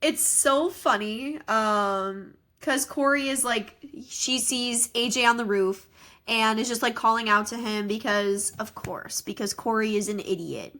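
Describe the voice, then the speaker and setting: A woman with a high, bright voice riffs on a film in a relaxed podcast chat. She is animated, laughs easily and scatters "like" through her sentences. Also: a little slow. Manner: animated, laughs often, says "like" a lot. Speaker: podcast co-host.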